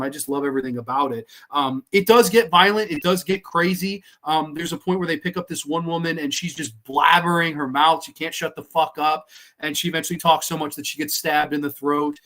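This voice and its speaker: A man with a fairly high-pitched voice talks through a film review on his own podcast. He rambles casually, piles up "um" and "like," restarts his sentences and swears often. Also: fairly bright tone. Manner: rambling, profane, lots of fillers and restarts. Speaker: podcast host reviewing films.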